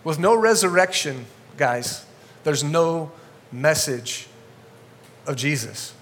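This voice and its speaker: A male pastor preaching a sermon to a congregation in a church, energetic and conversational, getting fired up as he talks. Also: on the high side, takes it slowly.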